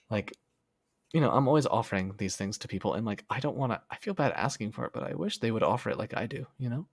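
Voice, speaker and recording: A young man chatting casually on a livestream, reading comments in a soft, affectionate way and laughing often. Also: medium pitch, expressive, fast talker, no echo, clean studio sound. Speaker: streamer.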